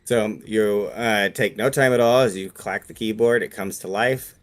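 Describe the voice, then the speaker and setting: Low-voiced man running a tabletop game. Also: normal speed, soft background music. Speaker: game master.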